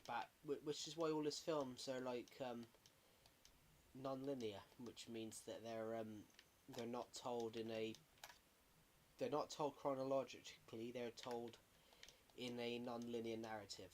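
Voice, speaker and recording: A man's voice: mid-range voice, fairly even intonation, a little slow, slight background noise. Rambling man streaming a game. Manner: rambling, self-correcting, chatty. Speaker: gaming livestreamer. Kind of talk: casual livestream chat while gaming.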